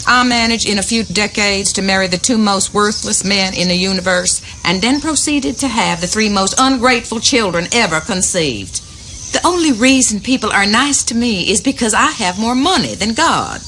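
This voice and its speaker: A woman's voice: medium pitch, animated, moderate pace, sharp tone, slight background noise, low-quality recording. An actress playing a bitter, wealthy older Southern woman in film dialogue, with a dry, cutting delivery. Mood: sardonic.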